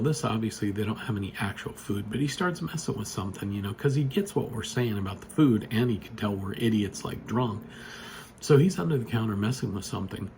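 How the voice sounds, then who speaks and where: A man's voice: mid-range voice, darkish tone, a little hiss or hum. A man telling a story in a casual, rambling way, full of "you know" and restarts, recorded on a phone at a desk. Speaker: storyteller vlogger. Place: home desk with computer monitors.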